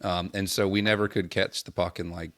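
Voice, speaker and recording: Pria bersuara agak rendah, obrolan kering. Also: male voice, low voice, little pitch movement, a bit bright, dry recording, clean studio sound. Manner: quick, wry, vents with exasperation. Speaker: podcast co-host, hockey player. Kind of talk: casual banter.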